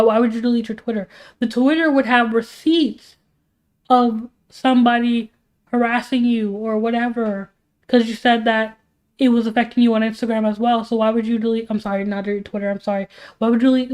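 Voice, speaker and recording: A woman's voice: fairly high pitch, a little mellow. Tired, exasperated young woman streamer. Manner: exasperated, rambling rhetorical questions. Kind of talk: casual commentary while drawing.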